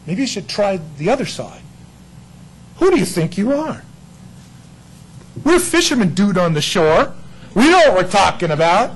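A man's voice: sits high, very animated, normal speed, long pauses, husky, heavily acted, low-quality recording. A man voicing grumbling, cocky fishermen in slangy, casual talk.

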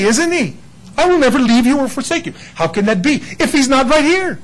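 A man's voice: extremely high pitch, husky, rough recording. A man preaching a casual, storytelling sermon who acts out quoted characters and laughs often.

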